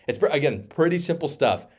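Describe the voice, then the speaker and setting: A man's voice: on the high side, animated, moderate pace. A man giving emphatic, sarcastic opinion commentary as host of his own show. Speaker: political commentator.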